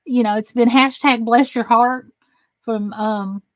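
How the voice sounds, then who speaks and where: Unhurried and fairly even in intonation, this high-leaning female voice belongs to a Southern crafting livestream host. With her Southern accent, she reads viewer comments aloud in a chatty, folksy, self-deprecating way, and there's no room sound.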